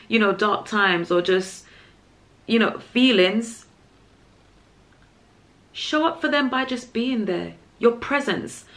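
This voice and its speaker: A woman's voice: on the high side, fairly bright tone. A woman vlogger giving an earnest, emphatic opinion monologue, repeating her points for stress.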